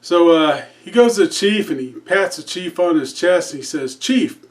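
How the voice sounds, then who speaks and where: A man's voice: fairly high pitch, expressive, moderate pace. A man telling a joke in a casual, rambling way, full of fillers and restarts. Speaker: comedy channel host.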